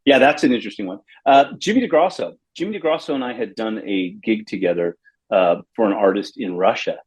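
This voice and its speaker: Middle-aged man from Los Angeles, husky voice, rambling anecdotes with lively acted quotes, casual interview guest. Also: fairly low pitch, a little fast. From Los Angeles, USA. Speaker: bass player, guest.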